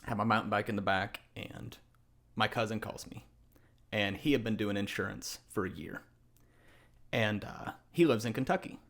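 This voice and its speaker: A young man in his twenties, a podcast guest, telling a casual story with animated quoted voices and frequent laughter. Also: lowish voice, moderate pace, creaky.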